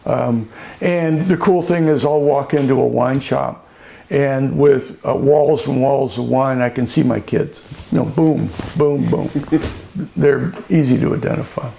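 A man's voice: medium pitch, a little slow, creaky, mellow, a little hiss or hum. An older man who owns a winery, telling anecdotes in an oral history interview, chatty, laughing often and acting out the voices of people he quotes. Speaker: winery owner.

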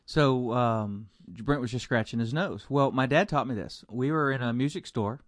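A man, a pastor, telling stories in an animated, expressive way in a casual conversation. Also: mid-range voice, moderate pace, no room sound, studio quality.

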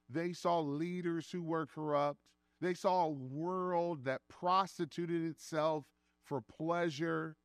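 A man in his thirties preaching a sermon as pastor, earnest and slowing down to stress key phrases. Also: on the high side, no room sound. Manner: earnest preaching, slows for emphasis. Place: church sanctuary.

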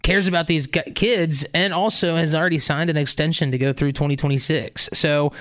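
A man's voice: fairly high pitch, steady tone, fairly quick, a bit bright. A man co-hosting a sports talk show, laying out schedules and stats in an informative way. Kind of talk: sports talk, previewing games.

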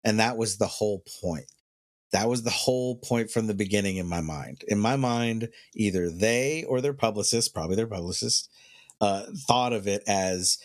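A man with a fairly low voice rambles through a casual podcast conversation. He swears freely and laughs often as he talks. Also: moderate pace. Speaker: podcast co-host. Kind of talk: casual chat.

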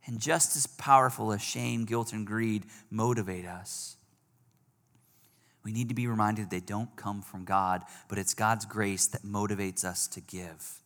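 A man preaching a sermon, telling a personal story that moves between hushed and emphatic passages. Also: mid-range voice, measured pace. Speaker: pastor. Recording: long hall reverb.

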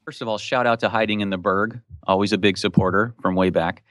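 A man's voice: fairly low pitch, fairly even intonation, fairly quick, a bit bright, no echo, clean studio sound. A man answering listener questions on a podcast in casual, joking banter. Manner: joking, wisecracking.

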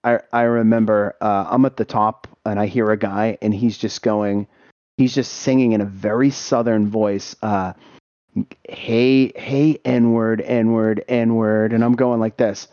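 A man's voice: lowish voice, normal speed, dry recording. A man from Boston telling stories in a casual podcast chat, swearing and acting out what people said. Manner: animated storyteller, acts out voices, swears. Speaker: podcast co-host. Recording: dull lo-fi mic.

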